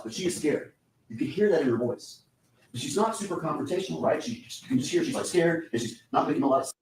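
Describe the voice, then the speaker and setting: A man delivers a courtroom closing argument at a brisk clip, hammering his points again and again. His voice carries from far off in an echoing room with a faint hum of ambience. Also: a little high, sing-song, a little mellow. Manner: urgent, insistent, repetitive. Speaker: defense attorney. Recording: echoey courtroom audio from a distance.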